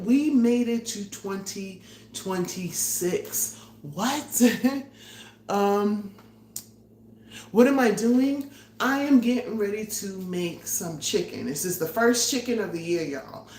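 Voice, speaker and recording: A middle-aged woman hosting a casual live cooking stream from her home kitchen, chatty and excitable, laughing often and a little out of breath. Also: medium pitch, slow, roomy sound, slight background noise. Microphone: phone or camera on a tripod.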